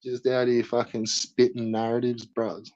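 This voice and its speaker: A man's voice: mid-range voice, monotone, a little slow, a little mellow, no echo. A young man doing live stream commentary, mocking a rival in profane banter with lots of laughter. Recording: dry, slightly dull lo-fi mic.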